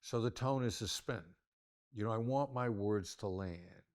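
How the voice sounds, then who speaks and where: Low-voiced man demonstrating tone. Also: a little slow, no room sound, clean studio sound. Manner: demonstrative, varies tone to illustrate points. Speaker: negotiation expert guest. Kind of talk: interview conversation.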